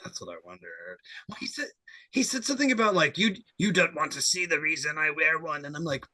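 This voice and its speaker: A man's voice: on the high side, sing-song, pushed and bright. A man guesting on a studio podcast, chatting and cracking jokes about a movie. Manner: jokey, quick interjections. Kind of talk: casual chat.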